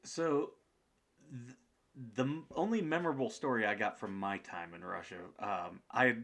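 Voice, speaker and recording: A man, a podcast guest, telling a story in a casual, animated way, acting out the people in it, with plenty of fillers. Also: medium pitch, moderate pace. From United States.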